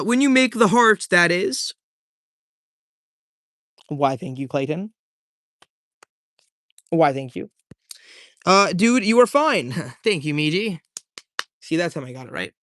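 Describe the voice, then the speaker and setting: A man's voice: on the high side, fairly bright tone, dry recording, clean studio sound. A man hosting a live stream in a casual, slangy way, reading out viewer comments and thanking people one by one.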